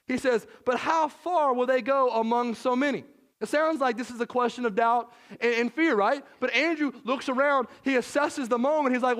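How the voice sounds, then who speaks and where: A man's voice: extremely high pitch, fairly bright tone. A man preaching a sermon as pastor, conversational, with frequent "right?" asides, and he acts out the disciples' worried voices.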